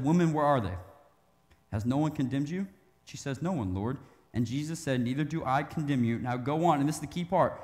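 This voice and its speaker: A young man delivers a relaxed, conversational sermon, reading scripture aloud and slipping into lively acted-out lines. His voice sits a little on the high side. It rings out with the long reverb of a large hall. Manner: casual, animated preaching with acted-out quotes. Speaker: youth pastor.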